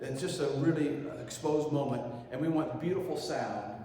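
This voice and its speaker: A man's voice: medium pitch, moderate pace. A man leading a choir rehearsal in a hall, encouraging and joking with the singers as he gives instructions. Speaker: choir director. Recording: echoey hall from far off, loud piano.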